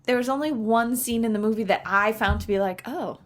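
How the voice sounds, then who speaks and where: A woman's voice: a little high, brisk. A woman co-hosting a podcast in casual chat, candid and chatty, often trailing off and restarting. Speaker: podcast co-host.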